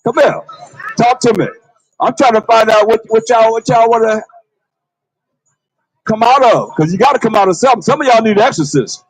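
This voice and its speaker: A man's voice: extremely high pitch, a little fast, pauses often, husky, dry recording, low-quality recording. A man preaching outdoors on a city street, confronting and calling out to passersby.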